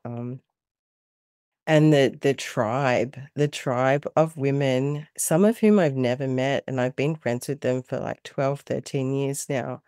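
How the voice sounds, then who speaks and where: A middle-aged Australian woman, a mother and carer, telling animated stories in a casual interview and laughing often. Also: extremely low pitch, clear, resonant tone, dry recording, clean studio sound.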